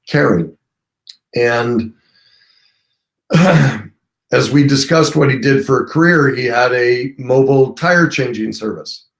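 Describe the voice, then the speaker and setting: A man hosting a live call-in stream, casually retelling a story and acting out both sides of the conversation. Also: medium pitch. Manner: conversational, retells dialogue with emphasis. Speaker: host of a live call-in show.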